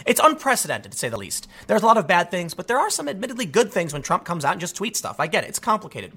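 A man delivering solo political commentary, talking in rapid bursts with frequent restarts. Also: high-pitched, breathy edge. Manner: animated, rapid-fire talk with frequent restarts.

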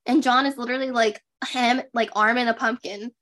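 A woman's voice: fairly high pitch, a little fast. Chatty, sarcastic young woman. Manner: chatty, sarcastic, animated impressions. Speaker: podcast co-host. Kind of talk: casual recap chat.

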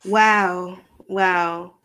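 A woman's voice: lowish voice, steady tone, drawn-out words, fairly bright tone. A woman co-hosting a casual podcast, talking candidly and rambling, swearing freely and leaning on "like" a lot. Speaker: podcast co-host. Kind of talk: casual chat.

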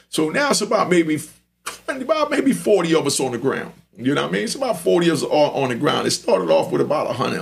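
A gravelly-voiced man telling a story in a lively, streetwise way, his pitch sitting fairly high and swinging widely. He talks in loose, rambling runs and keeps checking in with the listener. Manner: animated, streetwise, repeats "you know what I mean". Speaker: podcast host telling stories. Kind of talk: storytelling monologue.

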